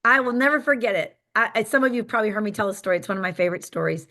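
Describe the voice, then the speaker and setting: A woman, a sales director telling an excited, emphatic motivational story on a call. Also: mid-range voice, rapid-fire.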